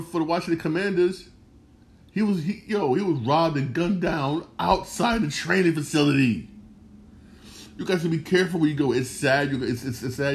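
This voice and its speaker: A man's voice: mid-range voice, a little mellow. A man hosting a solo sports talk show, speaking casually with slang and repeating his points for emphasis. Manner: repetitive, emphatic, slangy, restarts phrases. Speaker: sports podcast host.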